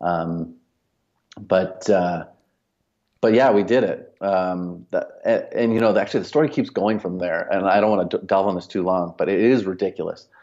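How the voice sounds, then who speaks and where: A man's voice: deep voice, normal speed, a little mellow, lo-fi sound. A man, a company cofounder, telling a long anecdote casually as a podcast guest, full of fillers and quoted dialogue. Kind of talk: casual storytelling.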